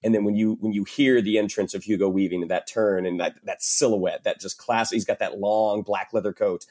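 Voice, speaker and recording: A man's voice: fairly low pitch, steady tone, brisk, darkish tone. A man, an actor and writer, guesting on a film podcast and talking thoughtfully with lots of fillers. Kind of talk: casual film discussion.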